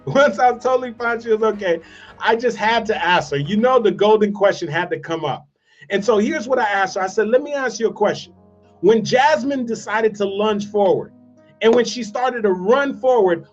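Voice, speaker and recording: A man giving a motivational speech, telling a story with repeated phrases and dramatic slowdowns. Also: sits high, lo-fi sound. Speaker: motivational speaker.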